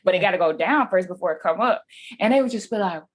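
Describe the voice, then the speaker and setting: A woman's voice: on the low side, animated, fast talker. A woman telling her story as a guest on a podcast. She talks casually and with animation, uses slang and acts out what people said.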